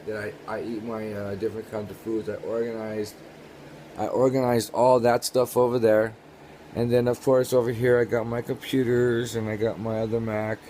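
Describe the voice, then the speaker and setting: A man with a low, dark voice talks from his bedroom into a camera close by. He sounds sleepy and halting, trips over his words and circles back on himself. Faint room noise sits behind him. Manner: rambling, halting, with many restarts. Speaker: vlogger. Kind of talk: personal apology video.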